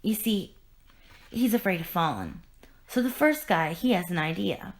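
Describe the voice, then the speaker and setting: A woman reading aloud the lines of a bitter, broken male clown villain, getting louder as she tells his joke. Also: fairly low pitch, animated, unhurried. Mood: storytelling.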